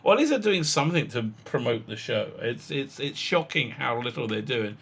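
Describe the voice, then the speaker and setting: Bright-voiced man in mocking commentary. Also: mid-range voice, expressive, normal speed, vocal fry, husky. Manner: mocking, reads quotes aloud with frequent fillers and laughs. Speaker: commentary vlogger. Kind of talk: casual sarcastic commentary.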